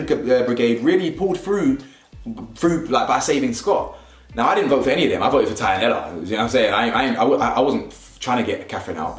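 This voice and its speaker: A young man, giving a slangy, animated casual review of a reality show and laughing often. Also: mid-range voice. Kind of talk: casual commentary. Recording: roomy echo, faint music.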